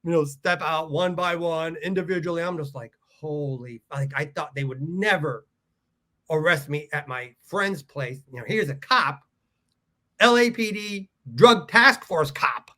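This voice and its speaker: A man's voice: fairly high pitch, measured pace, pushed and bright. A man from Southern California telling a story casually as a podcast guest, swearing freely, laughing at his own anecdotes and acting out other people's lines. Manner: profane, acts out quotes in character voices.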